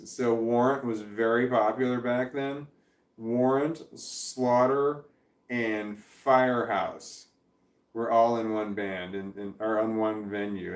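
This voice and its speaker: A man's voice: mid-range voice, reverberant. A man in his forties, hosting a casual livestream, rambling as he reads out viewer comments and chuckles along. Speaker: livestream host.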